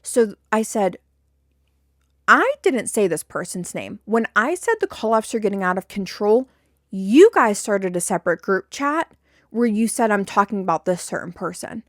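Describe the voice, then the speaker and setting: A woman's voice: medium pitch, animated, normal speed, dry recording, studio quality. A young woman hosting a podcast, venting a long story to her listeners, indignant and repeating herself, rising to exasperated peaks. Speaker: podcast host.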